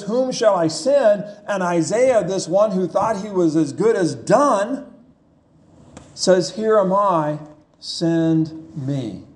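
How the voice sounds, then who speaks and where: A man's voice: high voice, darkish tone. A man preaching a sermon in an emphatic, repetitive way, asking the listeners rhetorical questions.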